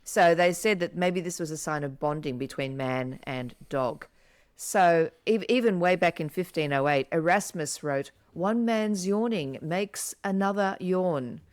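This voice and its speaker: A woman co-hosting a podcast in casual chat, animated and acting out yawns as she explains. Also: lowish voice, measured pace, no room sound, studio quality. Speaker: podcast co-host.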